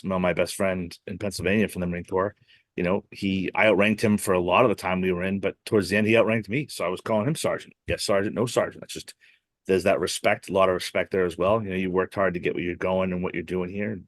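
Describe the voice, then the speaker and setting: Speaking quickly in a low, fairly even voice, a Boston man hosts a podcast and tells meandering, laid-back stories during an interview. Fillers like "you know" and frequent self-corrections run throughout, and the audio is dry.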